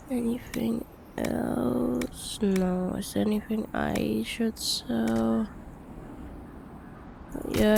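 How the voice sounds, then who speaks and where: A woman recovering from a bad cold, giving slow let's-play commentary and mumbling to herself as she plays. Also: on the high side, gravelly, noisy background. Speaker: gamer.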